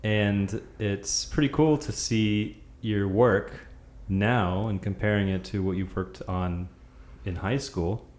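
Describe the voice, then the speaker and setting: Low-voiced man hosting in an echoey room. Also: takes it slowly, hardly any pauses, a little mellow. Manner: easygoing, prompting questions. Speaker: podcast host. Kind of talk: casual interview. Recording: echoey room with faint noise.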